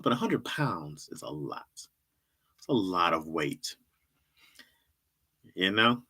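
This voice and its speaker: A middle-aged man hosts a loose livestream chat, rambling through his thoughts and circling back to the same lines. His voice is bright and sharp, with a lively pitch that bounces around as he talks. He laughs easily and answers chat comments as they come in. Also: slow pace, pauses often, breathy edge. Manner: rambling, repeats himself, laughs often, reacts to chat. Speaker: livestream host. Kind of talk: casual stand-up style chat.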